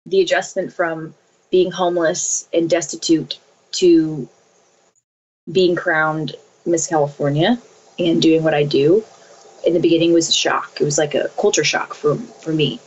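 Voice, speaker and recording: A woman's voice: deep voice, steady tone, unhurried, lo-fi sound, a little hiss or hum. A woman in her thirties answering interview questions earnestly, repeating phrases as she speaks about faith and family. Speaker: interview guest.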